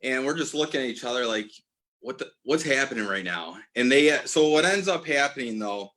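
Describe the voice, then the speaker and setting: An animated podcast guest in his forties, owner of an apparel brand, tells a personal story in a pushed, bright, medium-pitched voice at a fairly quick pace. He's earnest, often backing up to restart and correct himself.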